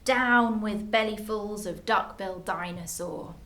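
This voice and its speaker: A woman voicing a gentle, timid young dinosaur boy who would rather eat plants, in a storybook reading. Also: medium pitch, slow pace. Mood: earnest.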